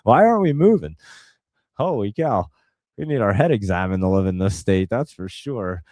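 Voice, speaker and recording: A man's voice: on the low side, very animated, moderate pace, darkish tone, dry recording, studio quality. A man from New Jersey hosting a live stock market stream, talking casually and rambling in an exasperated way to his viewers. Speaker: stock market show host.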